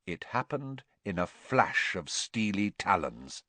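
A man narrates a storybook with expressive, scripted delivery. His voice sits low and moves in lively pitch. It is recorded close and dry. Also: slow pace, no room sound. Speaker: audiobook narrator.

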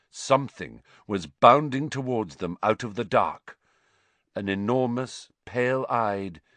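Guy reading a fantasy audiobook, dramatic and tense, lots of pitch movement, dead dry sound. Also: no echo. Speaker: audiobook narrator. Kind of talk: scripted fantasy narration.

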